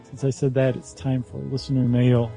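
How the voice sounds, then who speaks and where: A man co-hosting a podcast in casual chat, making friendly quick asides and reading out contact details. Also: mid-range voice, monotone, vocal fry, over music. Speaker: podcast co-host.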